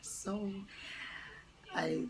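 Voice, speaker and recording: A young adult woman telling a painful personal story to camera, close to tears, halting with many pauses and fillers. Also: noisy background. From New York. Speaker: vlogger.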